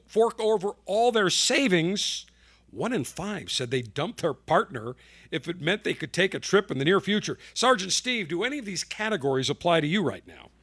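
Sarcastic talk radio host with a lively pitch. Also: male voice, no room sound. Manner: combative, sarcastic, mocking. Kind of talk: opinionated talk radio monologue.

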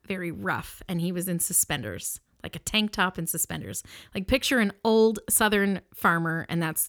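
A woman who works as a funeral director, telling anecdotes in an animated, chatty way with many fillers. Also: lowish voice, no room sound, clean studio sound. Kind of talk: storytelling.

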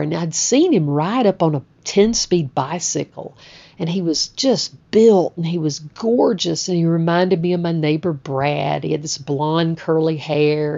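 A middle-aged woman narrates a personal story in a loose, chatty way. Her voice sits low and mellow. The recording sounds a little dull and lo-fi. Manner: chatty, conversational, with frequent "you know" and "like".

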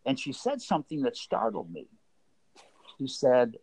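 In a conversational interview, a former baseball executive, now older, earnestly shares stories, often restarting and repeating himself. He speaks at a normal pace in a mid-range, sing-song voice that is creaky and slightly mellow, captured dry and in poor audio quality.

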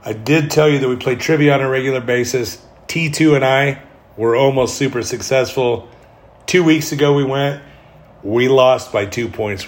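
A middle-aged man hosting a solo podcast, talking candidly in a rambling way with self-deprecating humor. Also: medium pitch. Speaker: podcast host.

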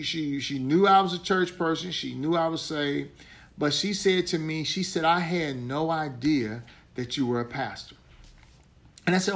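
A man, a pastor, preaching a sermon in a loose conversational way, repeating his points and restarting his sentences. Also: a little high.

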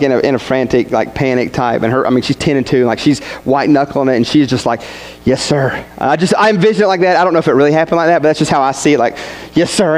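A man's voice: mid-range voice, poor audio. A young man, a student pastor preaching a sermon through a rambling, folksy personal story full of restarts. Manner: rambling, self-interrupting, folksy.

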